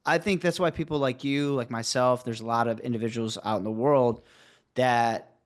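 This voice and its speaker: A man's voice: medium pitch, steady tone, normal speed. A man hosting a podcast, chatting casually and rambling with lots of filler words. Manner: rambling, heavy use of "like" and restarts. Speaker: podcast host. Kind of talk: casual interview chat.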